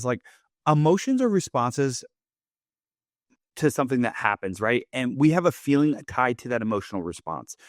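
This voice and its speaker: A man in a middle register hosts his own podcast in a relaxed, rambling monologue. He keeps dropping "like" and "right?" as he goes. The recording is dry, with no room echo. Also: medium pitch. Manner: loose, chatty, leans on "like" and "right?". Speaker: podcast host. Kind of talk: casual motivational monologue.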